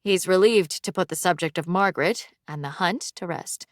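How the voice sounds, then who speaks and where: A woman narrating an audiobook in an even, measured way. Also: on the low side, dry recording, clean studio sound. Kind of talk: scripted narration.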